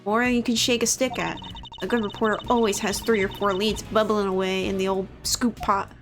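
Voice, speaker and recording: A woman's voice: medium pitch, fairly even intonation, fairly quick, over music, lightly acted. A woman reading game dialogue aloud as a brash, folksy female reporter with teasing slang.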